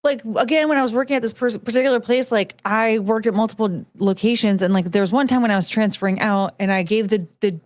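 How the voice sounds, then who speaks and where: A woman's voice: on the high side, quick pace, few pauses, no echo, clean studio sound. A woman hosting a podcast, telling stories in a rambling, frank way with lots of fillers and restarts. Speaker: podcast host. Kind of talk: casual monologue about past jobs.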